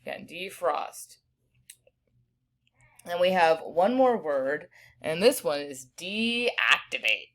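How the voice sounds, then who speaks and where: Woman teacher walking thru spelling words, lowish voice, sounds out every word real slow. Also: very animated, fairly bright tone. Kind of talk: recorded spelling lesson.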